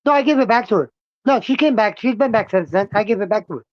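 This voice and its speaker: A man's voice: high voice, animated, fast, no room sound, muffled recording. A man hosting a livestream in casual chat, swearing freely and getting worked up. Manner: loose, profane, worked up. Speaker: livestream host.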